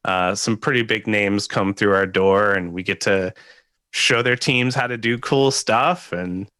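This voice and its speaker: A man's voice: on the low side, unhurried, no room sound, studio quality. A man chatting as a guest developer on a video call, telling stories with a laugh and poking fun at himself. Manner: laughs often, self-deprecating, animated storytelling. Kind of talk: casual chat.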